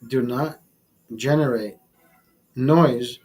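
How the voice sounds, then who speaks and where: A man casually telling a profane story in a vlog, animated and blunt. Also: mid-range voice, very slow, poor audio. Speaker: vlogger.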